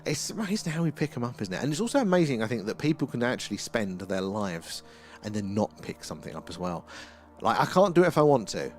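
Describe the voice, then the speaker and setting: A man's voice: mid-range voice, very animated, quick pace, soft background music. A British man hosting a casual night-time livestream outdoors, rambling with many fillers as he chats with viewers. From United Kingdom. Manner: rambling, lots of fillers and repeated "there". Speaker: livestream host reading viewer chat. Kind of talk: casual live-stream chat.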